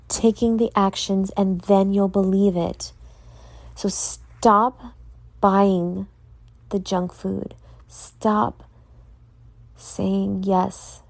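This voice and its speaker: Hosting a casual solo podcast, a tired woman yawns while earnestly motivating her listeners and addressing them directly. Her mid-range voice is a little mellow, and the recording has no echo.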